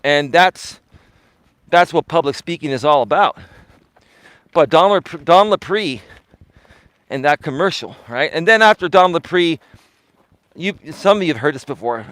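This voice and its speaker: A middle-aged man, a life coach hosting a live stream, talking with heavy emphasis and swinging between highs and lows. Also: animated, unhurried, long pauses, a bit bright, dry recording.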